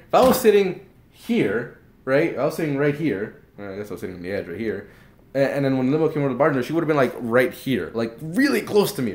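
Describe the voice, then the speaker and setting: A young man from Texas excitedly retelling a personal story as a vlogger, rambling and animated with lots of "like" and restarts. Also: mid-range voice, slight background noise. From Texas, USA. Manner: rambling and animated, heavy use of "like", frequent restarts. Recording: roomy echoey room.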